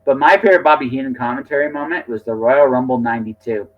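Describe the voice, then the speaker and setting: Animated man on dull lo-fi audio. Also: mid-range voice, fast talker. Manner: animated, repeats words, jumps in with opinions. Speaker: podcast co-host or guest. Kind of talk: casual chat.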